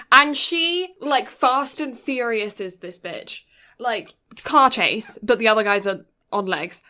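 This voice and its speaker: Bright animated woman retelling a film. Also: fairly high pitch, moderate pace. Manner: animated storyteller, acting out characters' lines. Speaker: podcast co-host. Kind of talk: casual chat, retelling a film plot.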